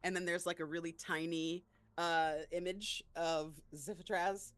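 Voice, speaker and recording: A woman's voice: fairly low pitch, fairly even intonation, measured pace, a bit bright, no echo. A woman player in a tabletop game, describing her character's actions in chatty, filler-laden talk.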